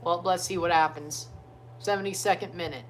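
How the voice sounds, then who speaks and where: Excitable man cheering through a sports watchalong. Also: sits high, moderate pace, slight background noise. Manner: excitable, chants and cheers at players. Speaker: livestream host. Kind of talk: casual watchalong commentary. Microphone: phone streaming app.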